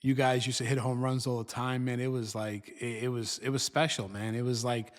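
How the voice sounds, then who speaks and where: A man's voice: mid-range voice, level tone, fairly quick, big-room sound. A middle-aged man with a New Jersey accent, a father and co-host teasing his son in casual chat, blunt and fond of saying "man". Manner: teasing, blunt storyteller, says "man" often.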